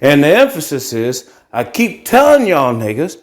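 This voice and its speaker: A man's voice: sits high, moderate pace, hardly any pauses. Ranting, profane middle-aged man. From Akron, Ohio. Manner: animated ranting, profane and blunt. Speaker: podcast host. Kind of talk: casual monologue vlog. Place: carpeted apartment living room, walking into tiled kitchen.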